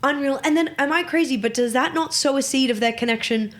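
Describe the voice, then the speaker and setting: Gushing woman, somewhat high voice. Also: a little fast. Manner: effusive, gushing reactions. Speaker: podcast co-host. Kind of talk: casual chat.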